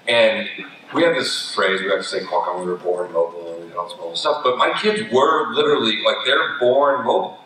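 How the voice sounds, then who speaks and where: Guy on a panel telling rambling stories, bright voice, big echoey hall, mic kinda far. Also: lowish voice, lively intonation, a little fast, a little hiss or hum. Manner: rambling anecdotes with many restarts. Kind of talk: conference panel talk.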